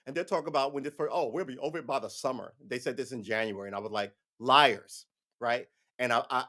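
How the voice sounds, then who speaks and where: A man in his forties hosting a livestream, ranting casually with lots of swearing and restarts. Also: fairly high pitch. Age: 40s. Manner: profane, rambling, animated talk with restarts. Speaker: livestream host.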